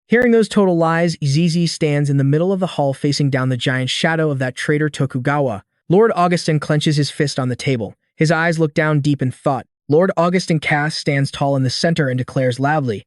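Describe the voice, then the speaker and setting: A man tells a comic story in a scripted recap, using casual slang and dramatic flair. His voice sits a little high. It is recorded very close and dry, with no room sound. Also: brisk, dry recording. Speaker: narrator. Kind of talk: scripted manhwa recap narration.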